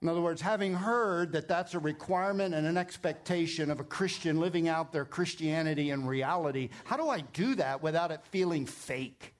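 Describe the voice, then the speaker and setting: A middle-aged man preaching a sermon as pastor, emphatic and climbing higher when he presses a point. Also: moderate pace, few pauses.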